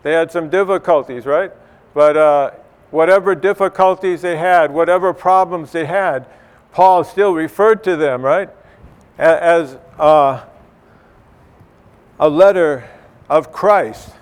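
Middle-aged male church speaker, clear resonant tone, slightly high, chatty, rambling delivery. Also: slow, pauses often. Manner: conversational, many fillers and restarts. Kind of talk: informal church teaching.

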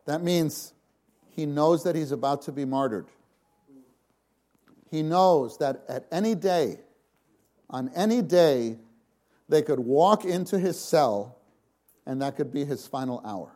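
A man preaching a sermon, shifting from hushed, slow passages to sudden loud, dramatic exclamations. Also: fairly high pitch, lively intonation. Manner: slow, emphatic delivery.

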